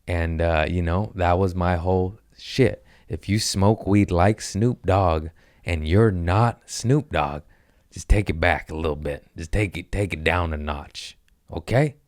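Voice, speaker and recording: A man's voice: low voice, slow, no room sound, clean studio sound. A man in his thirties hosting a comedy podcast, telling crude stories in a casual, profane way and acting out the voices in them. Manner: profane, animated storyteller who acts out voices.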